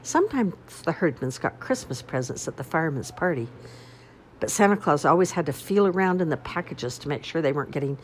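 A woman narrating a storybook in a wry, expressive first-person manner. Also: low voice, a little fast, slight background noise. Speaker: audiobook reader.

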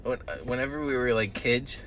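A young man co-hosting a casual podcast, rambling through stories, swearing often and shouting the lines he quotes. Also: mid-range voice, steady tone, a little fast, slight background noise. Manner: rambling storyteller, swears a lot, loud bursts when quoting. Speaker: podcast co-host. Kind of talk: casual chat. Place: in a car with friends.

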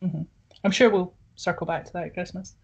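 A woman's voice: on the low side, fairly even intonation, slightly rough, low-quality recording. Chatty giggly woman podcaster. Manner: giggly, chatty, quick to laugh. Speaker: podcast co-host. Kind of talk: casual chat.

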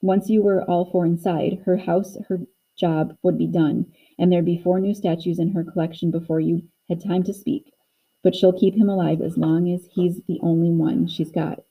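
A woman's voice: lowish voice, flat delivery, vocal fry, dark tone, husky, poor audio. A woman voicing Missus Beaver, a practical, motherly talking beaver who reasons things through. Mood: urgent. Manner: brisk, reasoning.

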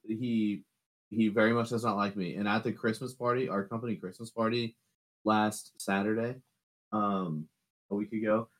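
A man, co-hosting a podcast, telling a long, rambling story about a coworker. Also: fairly low pitch. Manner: rambling storytelling that acts out quotes. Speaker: podcast co-host. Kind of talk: casual chat.

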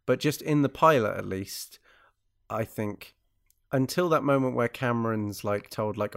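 A man's voice: fairly low pitch, fairly even intonation, normal speed, vocal fry. A man chatting casually about a TV show, rambling with many restarts and fillers. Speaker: podcast co-host.

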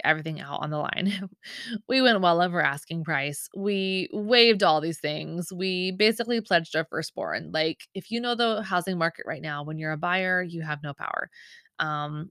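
A woman's voice: fairly low pitch, expressive, normal speed, a bit bright, no echo, clean studio sound. A woman in her thirties hosting a podcast, telling a story in a chatty, emotional way with lots of fillers and asides. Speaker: podcast host. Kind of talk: casual storytelling chat.

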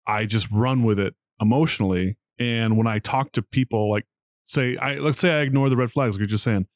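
A man's voice: medium pitch, fairly quick, no echo, studio quality. A man co-hosting a podcast in casual chat, easygoing, asking questions and teasing his co-host. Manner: easygoing, asks questions, laughs and teases.

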